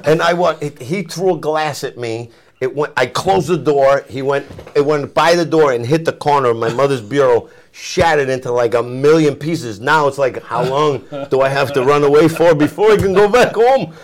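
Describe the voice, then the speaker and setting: A man, a comedian guest telling profane, animated stories in casual chat. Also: a little high, normal speed. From East Boston. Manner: profane, animated storytelling with voiced quotes.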